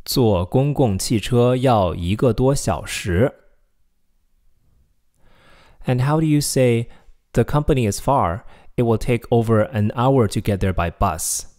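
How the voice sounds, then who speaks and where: A man teaching a recorded video language lesson, slowing down to model example sentences clearly. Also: mid-range voice, darkish tone.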